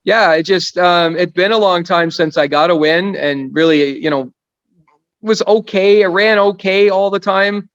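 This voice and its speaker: A man's voice: high voice, unhurried, fairly bright tone, no echo, muffled recording. A man in his fifties, a guest racing driver on a casual podcast, telling stories in a rambling, self-deprecating way. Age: 50s.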